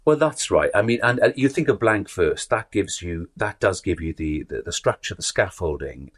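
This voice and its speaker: Male interview guest, lower voice with some huskiness, reflective and searching. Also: expressive, moderate pace. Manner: thoughtful, restarts and repeats words while reaching for ideas. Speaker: actor and author, guest. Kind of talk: conversational interview.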